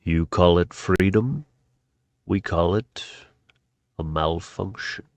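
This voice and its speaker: A man voicing a cold, menacing male machine agent who speaks flatly. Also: sits low, slow pace, no echo, pitched below the performer's own voice.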